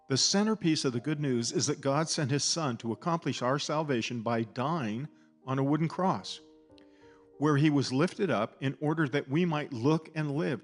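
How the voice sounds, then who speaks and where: A man giving a scripted, measured Bible teaching who slows to stress key words. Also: medium pitch.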